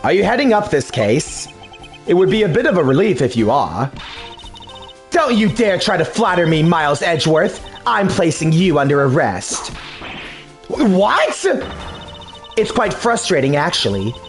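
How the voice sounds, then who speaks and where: A cold, proud young woman prosecutor speaks in clipped, scornful lines, voiced by a man in a fan game dub. Her voice sits a little lower than his usual talk. Faint music plays underneath. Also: sing-song, normal speed. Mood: hopeful.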